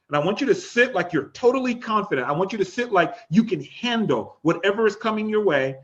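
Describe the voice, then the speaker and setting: Upbeat male life coach, high voice, coaxing and repetitive; dull lo-fi recording. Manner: energetic, coaxing, repeats instructions, laughs often. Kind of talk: live-streamed coaching class.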